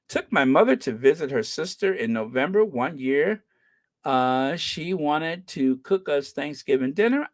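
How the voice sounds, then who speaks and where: Middle-aged guy rambling and joking about places he wants to go, normal pitch, dry dead room. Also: dry recording. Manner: rambling, joking and musing aloud. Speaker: travel vlogger. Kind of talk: casual chat.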